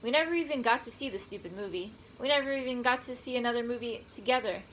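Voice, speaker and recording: A woman reads a first-person story aloud, wry and conversational in tone. Her voice sits fairly high for a woman. A faint background hiss lies under the reading. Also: quick pace, fairly bright tone, rough recording. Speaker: audiobook narrator.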